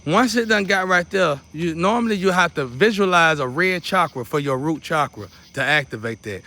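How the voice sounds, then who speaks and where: A man's voice: a little high, lively intonation, moderate pace, pushed and bright. A man teaching a guided meditation in a loose, repetitive, casual way, dropping in preacherly asides. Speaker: spiritual teacher.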